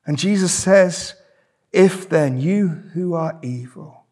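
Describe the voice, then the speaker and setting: Slow, husky preacher. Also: male voice, fairly high pitch, a little mellow. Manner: emphatic, repeats key words. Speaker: pastor. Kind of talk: sermon. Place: church.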